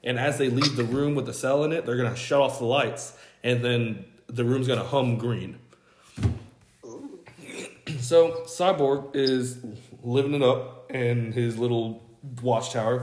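Young male podcast host, rambling casual pitch, quotes characters offhand, swears freely, roomy echo. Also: unhurried, a little mellow.

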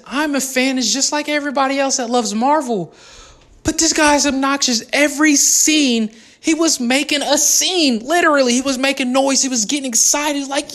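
A very high-pitched man reviews a movie casually for his vlog, bouncing excitedly from one topic to the next and correcting himself along the way, rambling throughout.

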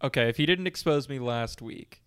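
A man's voice: mid-range voice, brisk, smooth. A congested man, co-hosting a casual podcast and rambling anxiously. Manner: rambling, anxious, self-deprecating. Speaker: podcast co-host. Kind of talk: casual chat. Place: room at home.

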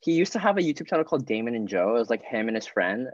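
A man's voice: medium pitch, very animated, very fast, no room sound. A young man hosting a podcast in casual chat, rambling along with lots of fillers. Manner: chatty, rambling, filler-heavy. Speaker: podcast host. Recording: dry, dull lo-fi sound.

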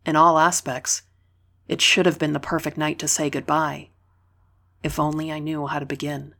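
Low-voiced woman narrating a novel. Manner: calm, measured and reflective. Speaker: audiobook narrator. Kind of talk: first-person novel narration.

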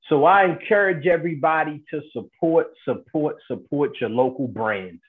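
A man hosting a networking interview show over a video call, upbeat, often tagging "right?" onto his points. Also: fairly high pitch. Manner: upbeat, asks questions and adds "right?". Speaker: host. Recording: tinny phone-like line.

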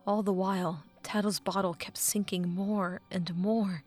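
A woman reading a fan fiction audiobook, with expressive narration that drops to a hush at dramatic moments. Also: mid-range voice, measured pace, soft background music.

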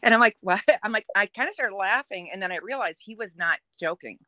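A young adult woman telling a dating story on a podcast in a chatty, lively way. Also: medium pitch, brisk, dry recording. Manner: chatty, animated, laughs while telling. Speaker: podcast guest. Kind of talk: casual storytelling.

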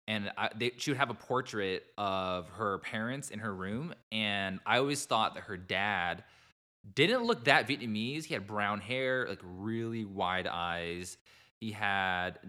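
Bright-voiced young man, low and earnest. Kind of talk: casual group chat.

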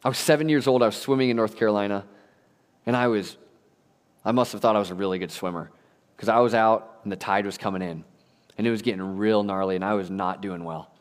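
A man's voice: on the low side, steady tone, quick pace. A young adult man preaching a sermon as a pastor, telling stories animatedly with casual slang. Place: church sanctuary. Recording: long reverb of a church hall.

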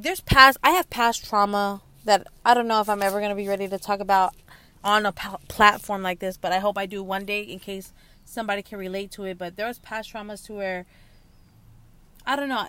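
A young woman and mother speaking in a candid personal monologue, halting and emotional, close to tears. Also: mid-range voice, sharp tone, smooth. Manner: halting, emotional, many restarts and pauses. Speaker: young mother sharing her story.

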